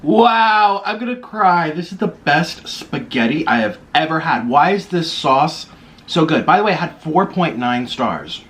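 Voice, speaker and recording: Man, eating vlog, gushing between bites, slightly high voice, very lively pitch. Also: a little slow. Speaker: YouTuber. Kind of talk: mukbang eating vlog chatter. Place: indoors by a window in a city apartment.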